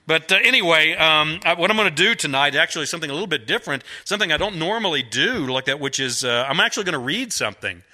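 A man's voice: a little high, expressive, quick pace, few pauses, pushed and bright. A middle-aged man, an author telling rambling, folksy stories to a live audience, full of fillers. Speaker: author at a book event.

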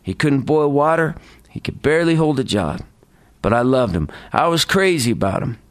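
A man voicing a blunt, caring middle-aged woman nurse who talks in a brisk, no-nonsense way. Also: mid-range voice, lively intonation, voice pushed up, natural voice. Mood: earnest.

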